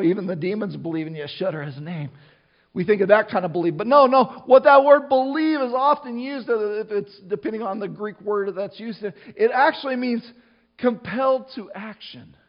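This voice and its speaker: A man's voice: sits high, lively intonation, normal speed, dull audio. A middle-aged man preaching a sermon to his church, in a conversational style with frequent restarts and asides. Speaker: pastor.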